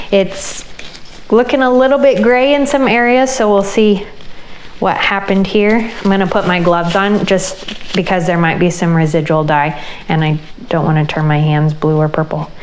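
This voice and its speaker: A woman hosting a crafting channel, explaining an ice-dye project as she works in a relaxed way. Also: medium pitch, unhurried, a little hiss or hum, poor audio. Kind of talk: casual craft tutorial.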